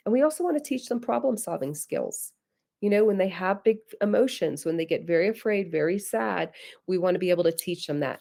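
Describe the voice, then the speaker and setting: A middle-aged woman giving an earnest, faith-based parenting talk, who calls her listeners "guys" and acts out gentle apologies a parent might say to a child. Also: fairly low pitch. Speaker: parenting webinar presenter.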